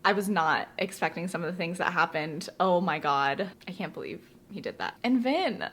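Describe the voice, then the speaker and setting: A woman's voice: medium pitch, a bit bright. A young woman in a casual reading vlog, gushing and breathless, laughing between phrases and teary. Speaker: book vlogger.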